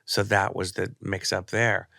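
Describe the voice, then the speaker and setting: Gravelly, bright-toned male storyteller. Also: sits low, flat delivery, unhurried, no echo, clean studio sound. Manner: vivid storyteller acting out quoted dialogue. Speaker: podcast guest, artist and author. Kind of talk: animated storytelling in conversation.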